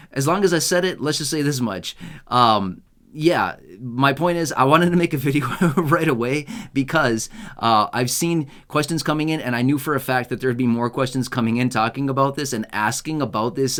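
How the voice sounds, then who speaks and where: A man's voice: mid-range voice, fairly bright tone. A young man from the United States, hosting a casual unscripted video in a rambling, self-mocking way and laughing often. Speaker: YouTube host.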